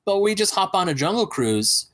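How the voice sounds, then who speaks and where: Casual podcast co-host, male, lively swooping storyteller. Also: high-pitched, moderate pace, noisy background. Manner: animated storyteller, acts out quoted voices.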